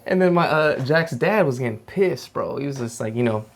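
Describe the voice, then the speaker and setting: Slangy, animated male boxer storyteller. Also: mid-range voice, brisk. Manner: animated, slangy, acts out voices in his stories. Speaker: professional boxer reacting to anime. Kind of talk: casual storytelling chat.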